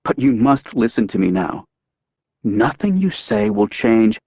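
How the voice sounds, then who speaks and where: A man's voice: on the low side, big pitch swings, a little slow, mellow, dry recording, highs cut off, full character voice. A man reading an audiobook, voicing an anxious, guilty woman who pleads in a shaky, raised voice. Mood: pleading.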